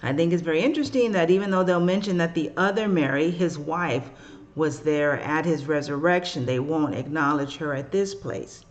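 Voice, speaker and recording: This is a middle-aged spiritual reader talking through scripture in a casual, heartfelt way. The voice sits at a middle pitch, and the delivery is animated and emotional. It breaks into slangy voices for the figures in the stories. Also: normal speed, lo-fi sound. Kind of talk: casual spiritual teaching monologue.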